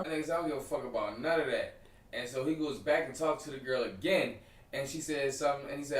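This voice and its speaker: A fast-talking man telling a story on a podcast, animated and full of acted-out quotes. His voice sits a little high and sounds set back from the mic in an echoey room. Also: distant mic. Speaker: podcast co-host. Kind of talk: casual chat.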